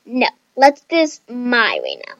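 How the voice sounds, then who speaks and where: Brief: woman voicing a calm but bossy young woman in charge, high-pitched. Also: moderate pace, no room sound, lo-fi sound. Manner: bossy, impatient.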